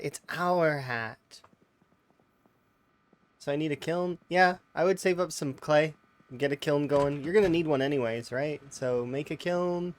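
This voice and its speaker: A man streaming a game, giving rambling, casual tips to his chat and chatting to the animals in the game. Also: a little high. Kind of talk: casual let's-play commentary.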